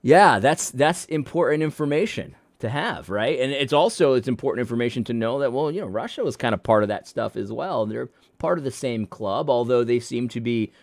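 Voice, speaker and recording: A man's voice: mid-range voice, animated, fairly quick, few pauses, no room sound. A man giving a casual opinion monologue to his viewers, emphatic and explaining, often restarting and stuttering over his words. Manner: frequent restarts and stuttered repeats. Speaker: commentator.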